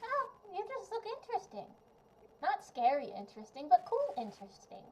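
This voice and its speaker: A woman's voice: very high voice, huge pitch swings, brisk, warm tone, slight background noise, voice pushed up, full character voice. Woman playing a bubbly little girl summoner. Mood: cheerful. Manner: bubbly, chatty. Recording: muffled lo-fi mic.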